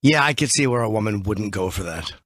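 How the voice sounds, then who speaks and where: A man co-hosting a radio show drops short, dry reactions and pointed questions. His voice is low and husky. The studio sound is dry and close. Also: lively intonation, brisk, a bit bright, no room sound. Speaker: radio co-host. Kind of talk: casual radio banter.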